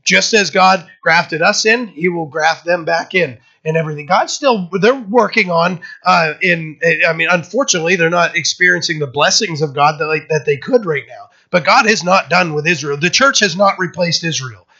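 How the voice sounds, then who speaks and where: A pastor preaching a sermon in a conversational, emphatic way, with many fillers and restarts, and breaking into lively quoted voices. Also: male voice, moderate pace, few pauses, muffled recording. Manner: acts out quoted voices with sudden lifts in pitch.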